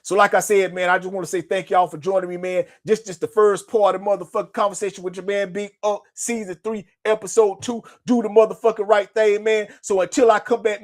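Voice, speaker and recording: Male show host with a high voice, easygoing and repetitive, talking straight to his viewers. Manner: laid-back, repetitive, peppered with "man" and profanity. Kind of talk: casual motivational monologue.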